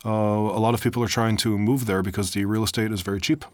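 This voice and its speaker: Fast-talking deadpan American man. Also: on the low side, dry recording. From United States. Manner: deadpan, ironic jokes. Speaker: podcast co-host. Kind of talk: joking casual chat. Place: recording studio.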